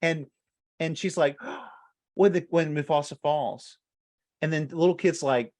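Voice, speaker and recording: A man's voice: unhurried, long pauses. A man in his thirties, co-hosting a casual podcast chat, telling stories with frequent laughs. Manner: animated storyteller, laughs often, big pitch swings. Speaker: co-host.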